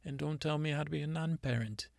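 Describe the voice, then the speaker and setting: A man playing a rambling, self-important female Mother Nature spirit in an improvised comedy monologue, telling stories in a halting, deadpan way. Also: on the high side, creaky, dry recording, clean studio sound.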